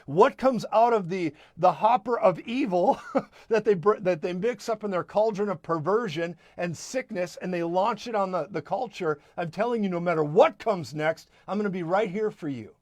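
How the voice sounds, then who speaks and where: A man preaching fervently on a live broadcast, emphatic, repeating lines and adding quick asides. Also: sits high, no echo, clean studio sound. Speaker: prophetic minister and broadcast host.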